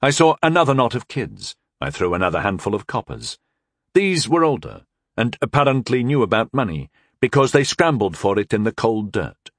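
A man's voice: medium pitch, dry recording, clean studio sound. A man narrating a first-person fantasy story in a wry, conversational way. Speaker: audiobook narrator.

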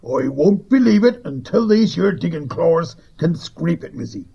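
Man putting on a gravelly rustic old mole. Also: on the high side, very animated, normal speed, dark tone, pitched above the performer's own voice, exaggerated voice. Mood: stubborn. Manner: broad rustic country dialect. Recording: dull lo-fi recording.

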